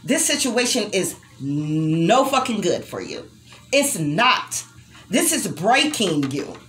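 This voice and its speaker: A woman's voice: mid-range voice, big pitch swings, slow, fairly bright tone. A young adult woman giving an emotional tarot reading to her viewers, swearing freely and speaking tenderly to the listener. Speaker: tarot reader.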